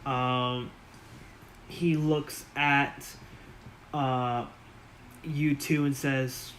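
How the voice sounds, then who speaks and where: A man narrating a tabletop game as game master, relaxed and halting with fillers. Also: medium pitch, a little hiss or hum, rough recording.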